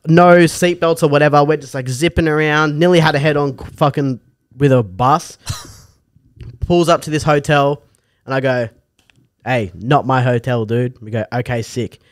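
A man's voice: medium pitch, steady tone, moderate pace, no echo, studio quality. A young Australian man hosting a podcast, telling a long story in a casual, sweary way and acting out the voices. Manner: sweary, laughing, acts out voices in his stories.

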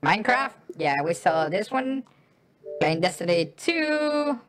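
A middle-aged woman hosting a casual game stream, chatting in a halting way with many fillers and repeated phrases. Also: medium pitch, sing-song, background noise. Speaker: streamer host. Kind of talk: casual gameplay stream chat.

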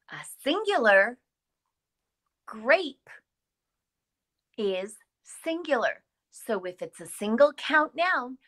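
A middle-aged woman teaching a live English lesson, speaking slowly and deliberately and sounding words out for learners. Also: medium pitch, bright, forceful tone. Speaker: ESL instructor.

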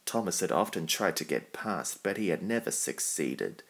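A man narrating a children's storybook in a calm, even reading voice. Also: low voice, moderate pace, creaky.

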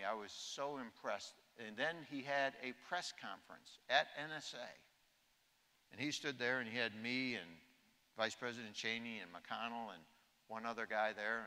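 A man in his sixties delivers an anecdotal keynote in a large conference hall, his medium-pitched voice pushed and bright at a moderate pace. He tells humorous stories and acts out quotes, and the recording carries the hall's echo.

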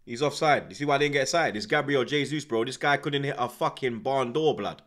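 A man's voice: medium pitch, a little fast, a bit bright. Swearing man ranting about football. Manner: swearing, repetitive ranting with street slang. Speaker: host. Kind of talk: football watchalong commentary.

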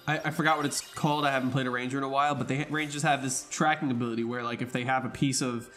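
A man casually telling a funny tabletop game story to friends, animated and laughing, acting out shouted lines. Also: medium pitch, racing, soft background music.

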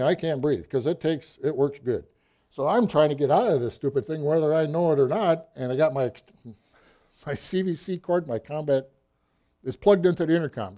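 A middle-aged man telling a story from the pulpit in a folksy, animated way, acting out the scenes as he goes. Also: fairly high pitch. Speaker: church speaker. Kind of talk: storytelling sermon.

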